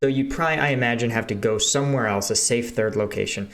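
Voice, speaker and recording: A man's voice: mid-range voice, fast talker, a bit bright, soft background music. A man hosting a reaction video, explaining things in a casual, conversational way. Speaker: host, reacting veteran.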